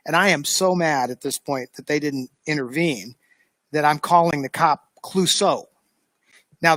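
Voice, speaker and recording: American male host, high-pitched, dry close sound, lively casual storyteller. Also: dry recording. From United States. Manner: animated storyteller, lively re-enactment. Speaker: show host. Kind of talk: casual anecdote telling.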